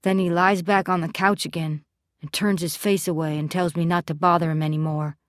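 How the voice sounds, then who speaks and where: A woman giving scripted first-person narration of a story in a measured, steady storytelling delivery. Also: on the low side, no room sound, clean studio sound. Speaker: audiobook narrator.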